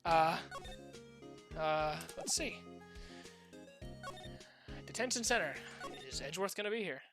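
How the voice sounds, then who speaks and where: A woman voicing a dry, sarcastic young male defense lawyer, lowering her voice. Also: measured pace, music in the background. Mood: flustered. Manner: deadpan, sarcastic.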